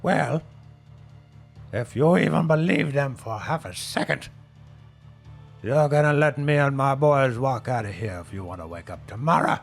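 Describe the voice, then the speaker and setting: A man voicing a gruff, stubborn old man who talks in a blustering, threatening way. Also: medium pitch, animated, normal speed, long pauses, soft background music, pitched above the performer's own voice.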